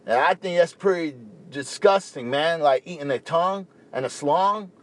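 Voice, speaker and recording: A young man from the Caribbean talks casually and at length, his voice sitting a little higher than most men's. He rambles in an animated way, tossing in "you know" and "right" constantly. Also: moderate pace. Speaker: vegan speaker. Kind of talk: casual talk to camera.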